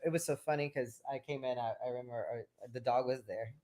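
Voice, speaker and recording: A man's voice: mid-range voice, fast talker. A man with a Texan accent, a podcast guest chatting casually, easygoing and swearing freely. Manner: relaxed, swears casually, agrees a lot. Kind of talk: casual chat.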